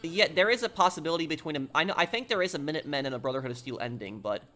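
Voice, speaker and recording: A man's voice: fairly high pitch, animated, rapid-fire, bright, forceful tone. A young man from New York City, chatting casually while streaming a game and answering viewer questions off the cuff. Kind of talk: casual live-stream chat.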